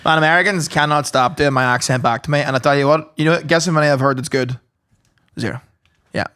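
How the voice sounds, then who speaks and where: A Northern Irish comedian co-hosting a podcast, telling loose, sweary stories and joking casually. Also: male voice, a little high, fast, sharp tone, clear, resonant tone. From Northern Ireland. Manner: loose, joking, sweary storytelling with frequent laughs. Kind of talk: casual banter.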